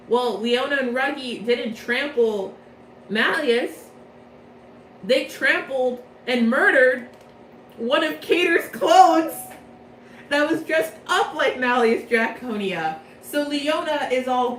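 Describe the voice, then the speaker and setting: A woman's voice: on the high side, takes it slowly, a bit bright, a little hiss or hum. A woman giving a casual, rambling recap of a story's plot from memory, cutting in on herself with corrections. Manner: rambling, chatty, self-interrupting. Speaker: vlogger. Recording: echoey room, mic far off.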